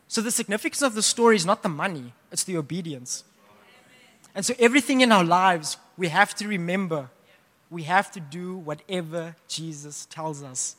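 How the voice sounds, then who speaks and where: Young guy preaching, animated casual storytelling, sharp tone. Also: high-pitched, moderate pace. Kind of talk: sermon with personal storytelling. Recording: long hall reverb.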